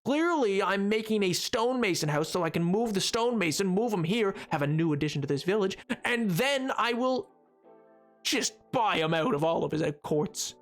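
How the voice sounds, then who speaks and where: A man's voice: high-pitched, expressive, normal speed, faint music behind. A man streaming a game, chatting and bantering playfully with his viewers. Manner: playful, teasing banter with chat. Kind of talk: casual live-stream chat.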